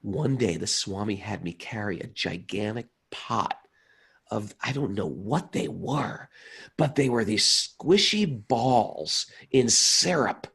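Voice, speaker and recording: A man doing an excited street man. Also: on the low side, slow, gravelly, breathy edge, exaggerated voice. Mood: wistful. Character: excited street man recalling an old friend.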